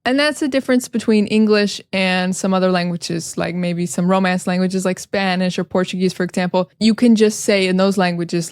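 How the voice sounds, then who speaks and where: An American woman, a young adult, teaching English in a casual monologue and repeating example phrases at slow and fast speeds. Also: mid-range voice, steady tone, a little mellow, no room sound. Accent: General American. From United States.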